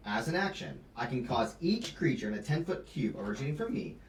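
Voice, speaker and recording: A man's voice: medium pitch, sing-song, fast talker, far from the mic, a little hiss or hum. A man playing a tabletop game, eagerly asking about the rules. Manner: eager, asks rules questions. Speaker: player. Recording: echoey room, off-mic.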